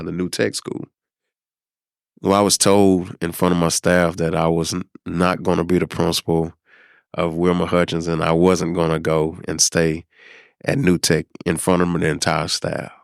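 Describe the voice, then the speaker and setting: A middle-aged man from South Dallas, a podcast guest telling a personal story in an unhurried, reflective way, with many pauses and fillers. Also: deep voice, flat delivery, vocal fry, no echo, studio quality. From South Dallas, Texas. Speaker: podcast guest, former high school principal.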